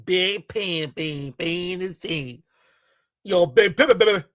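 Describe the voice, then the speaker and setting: A man putting on a high, loud voice to play a boastful young male hustler working as a tour guide, shouting slang. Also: slow. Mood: brash boasting. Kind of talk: mocking impression in commentary.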